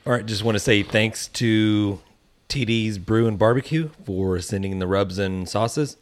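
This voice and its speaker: A man's voice: lowish voice, measured pace. A man hosting a podcast in casual chat, laid-back as he moves the show between segments. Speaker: podcast host.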